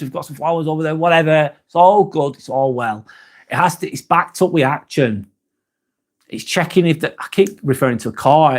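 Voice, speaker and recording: A man hosting a live stream, chatting casually, reading viewer comments aloud and swearing now and then. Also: mid-range voice.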